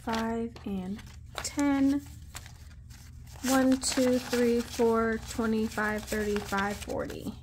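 A woman's voice: a little high, steady tone, very slow, noisy background. A woman vlogging at her desk at home, chatting casually while counting cash aloud under her breath with little asides. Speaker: budgeting vlogger.

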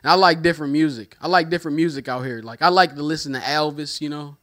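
A man's voice: fairly high pitch, quick pace, fairly bright tone. A man doing a stand-up comedy set, talking in loose slang, repeating lines and trailing off.

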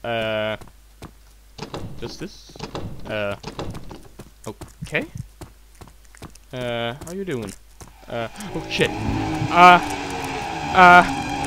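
A young man giving let's play commentary, excitable, swearing and shrieking in fright. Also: mid-range voice, drawn-out words, vocal fry, long pauses. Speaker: gamer. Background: game music.

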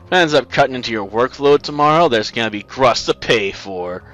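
A man's voice: medium pitch, animated, a little fast, a bit bright, soft background music, natural voice, low-quality recording. A man voicing a growling, cruel prison warden. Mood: menacing. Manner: menacing, contemptuous. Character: harsh, growling middle-aged male prison warden. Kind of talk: voicing game dialogue.

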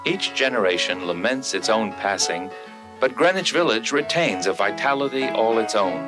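A man narrating a documentary in a calm, even, scripted delivery. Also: fairly low pitch, normal speed, music in the background, rough recording.

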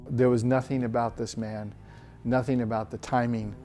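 A man's voice: medium pitch, level tone. Earnest man telling a testimony. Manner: earnest, halting, frequent restarts. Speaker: church member sharing a testimony. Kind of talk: personal testimony, storytelling. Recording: soft guitar music behind. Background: soft guitar music.

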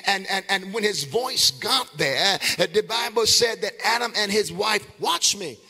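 A man preaching from the pulpit in a high, bright voice. He moves from quiet asides to chanted, shouted calls for the congregation to answer. Faint music plays behind him. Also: expressive, a little slow, slightly rough, long reverb tail. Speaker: pastor. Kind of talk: sermon.

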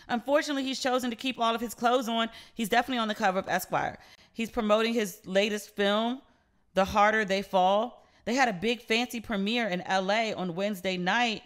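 A woman's voice: mid-range voice, a bit bright. A woman hosting her own podcast, talking casually and candidly, with lots of "like" and frequent swearing. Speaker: podcast host. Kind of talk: casual solo podcast chat.

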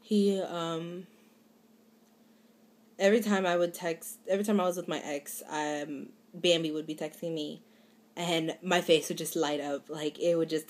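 A woman's voice: deep voice, little pitch movement, a little slow, darkish tone. A young woman, chatting casually to camera in a rambling, giggly way with lots of fillers and restarts. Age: young adult. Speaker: vlogger.

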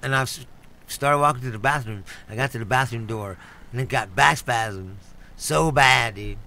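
Gravelly, bright-voiced man rambling through a story. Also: mid-range voice, moderate pace. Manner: rambling storyteller who keeps laughing and swearing. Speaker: podcast co-host telling a story. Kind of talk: casual comedic podcast chat. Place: studio.

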